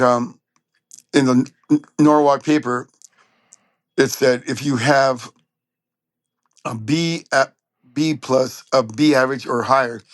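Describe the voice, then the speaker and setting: A man's voice: medium pitch, no room sound. A man from Southern California telling stories as a trumpet player guest in an interview, acting out what people said. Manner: animated storyteller, acts out quotes. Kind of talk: storytelling interview.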